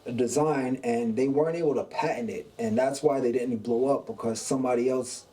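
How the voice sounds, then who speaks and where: A man from Brooklyn, hosting a podcast and telling a story in a casual, animated way, acting out the people in it. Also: mid-range voice, a little fast, distant mic, rough recording. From Brooklyn, New York. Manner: animated, acts out quoted dialogue. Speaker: podcast host.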